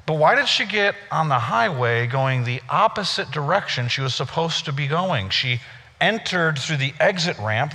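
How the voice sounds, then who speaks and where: A man's voice: fairly high pitch, bright, forceful tone. A man preaching a sermon to a congregation, telling stories in a conversational way with playful asides to the crowd. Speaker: pastor. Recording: reverberant church hall.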